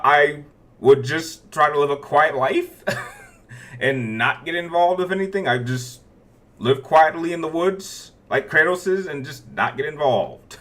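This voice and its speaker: A man in his thirties hosts a relaxed Q&A, answering viewer questions one after another. His voice is bright and forward, and he often restarts his sentences as he thinks aloud. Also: on the high side. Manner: rambling, many restarts, chuckles between answers. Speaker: YouTube Q&A host.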